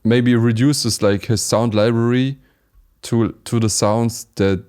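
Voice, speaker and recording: A man with a German accent co-hosting a casual beatbox review chat, talking haltingly with many fillers and restarts. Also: medium pitch, steady tone, a little mellow, clean tone. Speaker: beatboxer co-host reviewing battles.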